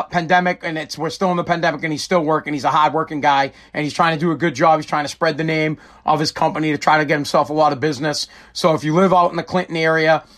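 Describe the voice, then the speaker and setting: A man's voice: a little high, fairly bright tone. A man hosting a casual live-stream talk show, rambling and joking with frequent swearing. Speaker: show host.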